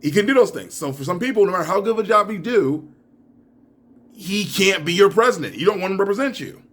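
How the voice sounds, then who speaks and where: A young adult man giving reaction commentary in a video, ranting and laughing, his voice rising to near shouts and sinking to mumbles. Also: sits high, animated, fast talker. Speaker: YouTuber.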